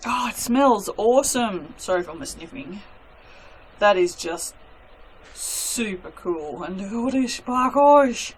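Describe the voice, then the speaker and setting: A woman's voice: medium pitch, lively intonation, a little slow, husky. A young woman chatting casually while cutting soap in a cold workspace at night, gushing and poking fun at herself. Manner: gushing, self-mocking, chatty with her cat. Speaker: soap maker.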